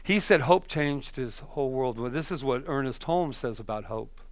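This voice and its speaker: A man's voice: mid-range voice, animated, normal speed, dry recording. Man preaching a chatty sermon, dry sound. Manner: chatty storytelling, swings from emphatic to hushed. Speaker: minister. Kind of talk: conversational sermon.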